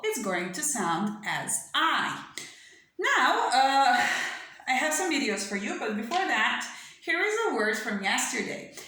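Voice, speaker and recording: A woman teaching young children English phonics in a recorded online lesson, spelling words out letter by letter slowly and patiently, and checking in often with "okay?" and "yeah?". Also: on the high side, bright, forceful tone. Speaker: primary school English teacher. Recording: very echoey room.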